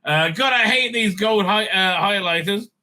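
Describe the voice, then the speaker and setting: A man's voice: sits high, normal speed, bright, forceful tone. A man reading aloud at home and breaking off into sarcastic, scornful asides, with a lot of fillers and hesitations. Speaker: vlogger commenting on TV news. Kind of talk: casual reading and mocking commentary. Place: home with a dog nearby.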